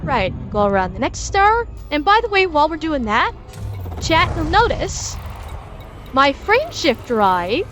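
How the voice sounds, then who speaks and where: A high-voiced woman streamer explains things step by step in a chatty way, her pitch bouncing all over. She talks straight to her chat while she plays, with faint music running underneath. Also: very animated, measured pace. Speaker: game streamer teaching a lesson. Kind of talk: casual livestream tutorial.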